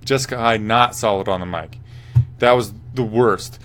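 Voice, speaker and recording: A man's voice: on the low side, normal speed, fairly bright tone, soft background music. A young man hosting a casual mixed martial arts post-fight show, rambling, swearing freely and reacting to viewer chat. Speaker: host.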